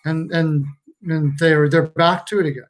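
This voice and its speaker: Young dude hosting a live sports chat, kinda high voice, loose and rambly. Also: male voice, steady tone, normal speed. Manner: casual, rambling, reads out viewer comments. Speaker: podcast host.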